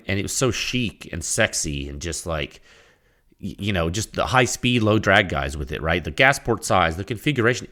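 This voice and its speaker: A man hosting a podcast alone, rambling through a technical point in a loose, conversational way. His pitch rises and falls a lot as he talks, and he often trips over and repeats his words. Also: sharp tone. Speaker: podcast host. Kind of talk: solo podcast talk.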